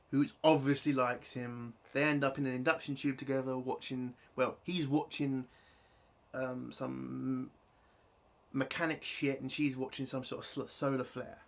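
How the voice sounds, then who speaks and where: A man giving an exasperated, sarcastic and heavily sweary rant while reviewing a TV episode. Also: mid-range voice. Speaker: TV show reviewer.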